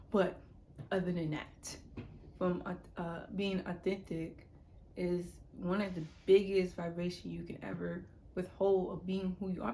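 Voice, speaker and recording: A woman's voice: fairly low pitch, steady tone, normal speed, gravelly, a little mellow. Rambling young woman vlogger. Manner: rambling, repeats words, drops to a whisper at times. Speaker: YouTuber. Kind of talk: casual self-help monologue.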